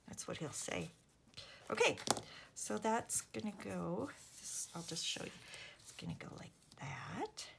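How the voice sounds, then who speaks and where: A woman's voice: mid-range voice, sing-song, a little slow, gravelly, background noise. A woman from Canada, chatting casually and self-deprecatingly to viewers while making cards, sometimes murmuring to herself. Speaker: host. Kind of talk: casual crafting vlog chat.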